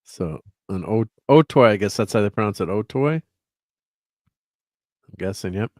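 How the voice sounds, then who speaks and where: A man's voice: lowish voice, moderate pace, darkish tone, no echo, studio quality. A man hosting a casual livestream chat, rambling with lots of fillers and chuckles while he fiddles with his slides. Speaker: host.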